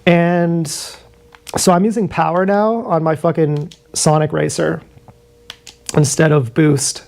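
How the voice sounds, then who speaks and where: A man's voice: fairly high pitch, fairly even intonation, takes it slowly, gravelly, darkish tone. A young man streaming live, telling meandering, profane stories in a casual chat with many restarts. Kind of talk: rambling casual storytelling.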